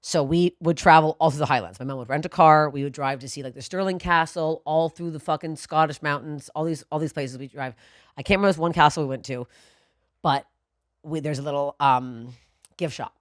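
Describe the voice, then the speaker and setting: A woman co-hosting a podcast, telling a story in a profane, animated way that swings from low muttering to loud bursts. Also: a little fast, no room sound, studio quality. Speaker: podcast co-host. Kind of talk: storytelling in casual podcast chat.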